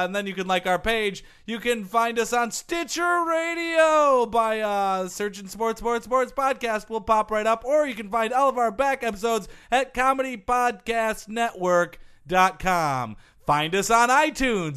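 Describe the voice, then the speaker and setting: A man co-hosting a comedy podcast, dropping deadpan absurd one-liners and reading out contact details. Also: very high voice, unhurried, few pauses, clear, resonant tone. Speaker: podcast co-host. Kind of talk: casual comedy chat.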